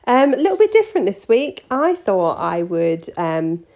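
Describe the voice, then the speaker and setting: A woman's voice: medium pitch, sing-song, moderate pace, darkish tone. A woman, a nail artist, rambling cheekily through a casual tutorial vlog.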